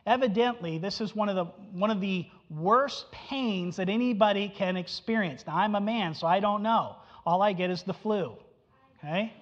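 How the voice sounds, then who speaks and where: A man's voice: high-pitched, normal speed. Man preaching, emphatic, repeats key phrases, long echo, muffled dull sound. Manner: emphatic, repeats phrases, asks listeners questions. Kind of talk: expository sermon.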